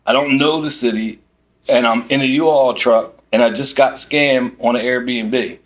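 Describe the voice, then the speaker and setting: Unhurried and mid-range, a man from Philadelphia delivers an exasperated rant for his storytime vlog. He's in a parked van, animatedly recounting the quoted back-and-forth.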